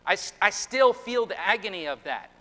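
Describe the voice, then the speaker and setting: A man preaching a sermon as pastor, earnest and halting, often restarting his words. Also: sits high, animated, bright, forceful tone. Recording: long reverb of a hall.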